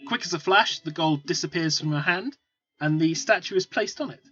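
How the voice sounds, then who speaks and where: A man narrating as game master of a tabletop game, halting with many fillers. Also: fairly high pitch, sharp tone, slightly rough. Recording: dull lo-fi recording with faint music.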